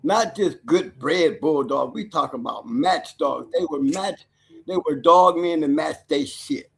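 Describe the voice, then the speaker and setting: Higher-voiced man explaining emphatically. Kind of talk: casual talk show chat.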